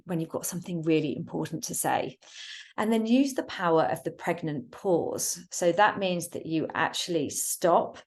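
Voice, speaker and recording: A woman coaches her viewers through a webinar on speaking at work. She talks in a clear, emphatic way and leaves deliberate pauses. Her voice sits a little low for a woman. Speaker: communication trainer. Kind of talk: webinar teaching.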